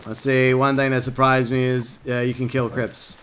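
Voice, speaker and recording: A man's voice: medium pitch, level tone, normal speed, fairly bright tone, a little hiss or hum. A man live-streaming a game, rambling casually and answering his viewers by name. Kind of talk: casual gameplay stream commentary.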